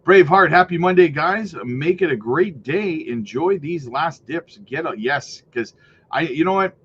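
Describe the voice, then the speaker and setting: A man's voice: on the high side, lively intonation, measured pace, a bit bright. Upbeat man hosting a casual livestream. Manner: upbeat, hype, many fillers like "you know" and "right". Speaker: crypto livestream host. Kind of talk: casual livestream chat reading viewer comments. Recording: slightly muffled with faint noise.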